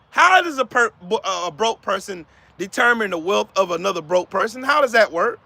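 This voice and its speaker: Fired-up high-voiced man with a gravelly edge. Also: lively intonation, a little fast, pushed and bright, no room sound. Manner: profane, fired-up, repetitive; talks to chat viewers by name. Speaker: live-stream host. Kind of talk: heated live-stream commentary.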